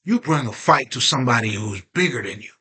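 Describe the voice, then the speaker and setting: A self-growth vlogger of Haitian background delivers a casual, emphatic monologue on personal growth, packed with swearing and rhetorical questions. His mid-range voice is expressive, brisk, pushed and bright, with a husky edge.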